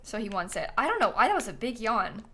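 Bright-voiced young woman streaming sleepily. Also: a little high, very animated, fast, a little hiss or hum. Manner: chatty, thinking aloud, thanking viewers. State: sleepy, yawning. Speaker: livestreamer. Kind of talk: casual gaming stream chat.

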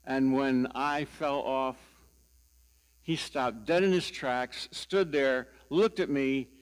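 An older man preaching a sermon as pastor, telling stories slowly and deliberately with a wry sense of humor. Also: mid-range voice.

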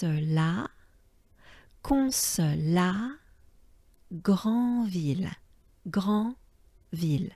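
French lady teaching pronunciation, repeats sounds slowly, whispers bits, dry close mic. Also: fairly low pitch, no echo. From France. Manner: slow, drawn-out repetition of sounds, with soft whispered asides. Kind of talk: pronunciation lesson.

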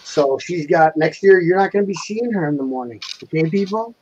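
A man's voice: a little high, expressive, brisk, darkish tone, breathy edge. A man hosting a casual livestream chat, joking around and laughing often. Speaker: livestream host. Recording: slightly dull lo-fi sound, faint noise.

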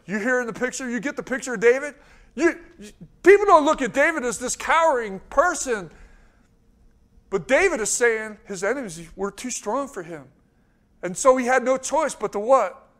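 A high-pitched man preaching in a church sermon. He presses his points with urgent repetition and reads scripture aloud with rising, emphatic force. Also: expressive, moderate pace, fairly bright tone. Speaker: pastor.

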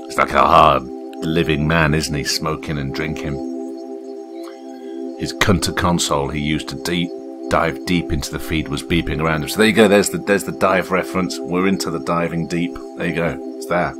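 A man with a very low, deep voice gives casual play-along commentary on indie games, chatting to himself between attempts. He reads the game's story text out loud, trips over words and corrects himself. Music plays clearly underneath. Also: steady tone, moderate pace. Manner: chatty, reads on-screen text aloud with stumbles. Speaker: game reviewer. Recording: background music clearly audible.

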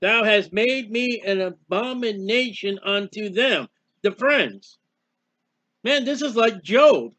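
A man preaches an impassioned Bible sermon, speaking emotionally and repetitively in the first person as the psalmist. His high-pitched voice is animated, slow, and fairly bright, captured in a dull lo-fi recording.

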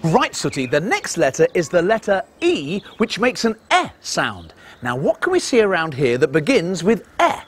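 A man's voice: high voice, normal speed. Playful male children's TV presenter. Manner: animated, playful, teasing. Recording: music bed behind the voice. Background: music.

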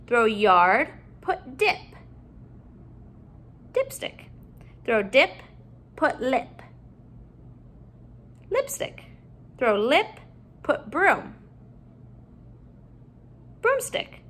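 A woman teaching a phonics lesson to young children at home, drawing out each word slowly and clearly. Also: high voice. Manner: slow, drawn-out modeling of words, bright sing-song emphasis.

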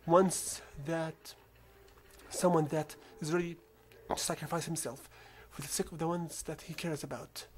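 Here a gamer with a non-native accent speaks a little slowly in a mid-range voice while narrating a stealth game. His commentary is calm and instructive, and he often lowers it to a whisper.

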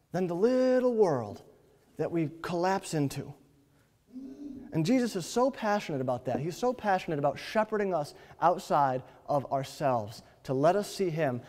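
High-pitched guy preaching, chatty storytelling sermon, big echoey church sound. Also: a little mellow. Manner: conversational storytelling with rising emphatic peaks. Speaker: pastor. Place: church sanctuary. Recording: long church reverb.

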